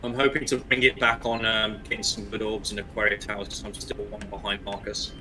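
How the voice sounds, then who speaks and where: A man's voice: lowish voice, level tone, brisk, pushed and bright. A man chatting casually while racing through a speedrun, talking through his moves with self-mocking asides. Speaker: speedrun racer.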